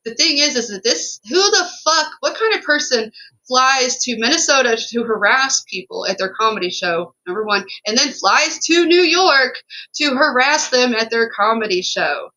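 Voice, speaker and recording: A woman's voice: high-pitched, animated, normal speed, bright, forceful tone, poor audio. A woman co-hosting a podcast, telling a story in an emphatic, profane, run-on way. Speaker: podcast co-host.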